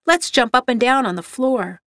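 A woman's voice: on the high side, normal speed, a bit bright, dry recording, studio quality, lightly acted. A woman voicing Serge, a thoughtful male researcher who reasons things out tentatively. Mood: puzzled.

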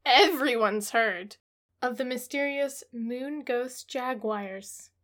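A woman's voice: on the high side, slow pace, a bit bright. A woman co-hosting a comedy podcast, reading romance blurbs aloud in a wry, giggly, mock-dramatic way. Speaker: podcast co-host.

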